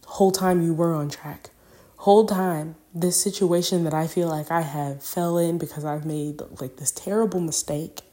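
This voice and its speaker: A young woman's low voice, steady and warm, comes at a moderate pace. As a podcast host, she rambles through a personal reflection, using many fillers and sharing her feelings openly.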